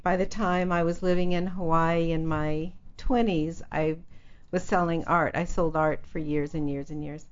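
An American woman guest recounting her life story in an interview, animated and dramatic. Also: sits low, normal speed, dull audio. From United States. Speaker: guest, author.

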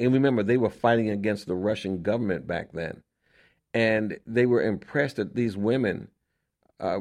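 A man's voice: lowish voice, a little mellow. A man hosting a radio show, explaining history to listeners in an emphatic, conversational way, asking rhetorical questions and often repeating himself. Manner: repeats words and restarts often. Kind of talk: conversational history lecture on air.

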